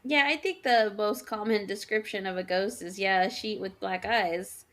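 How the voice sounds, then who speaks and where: A woman's voice: medium pitch, normal speed, a bit bright. A woman co-hosting a podcast, retelling spooky stories in casual chat. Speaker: podcast co-host.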